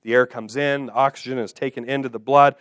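A male pastor preaching a sermon, speaking directly to his listeners with questions and slowing down to repeat key phrases with emphasis. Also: medium pitch, steady tone, a bit bright, smooth, no echo. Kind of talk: expository sermon.

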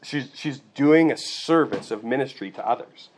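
A man's voice: medium pitch, lively intonation, normal speed, slight background noise. Conversational man preaching a sermon. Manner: conversational preaching with frequent "okay" and "right" checks. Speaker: pastor.

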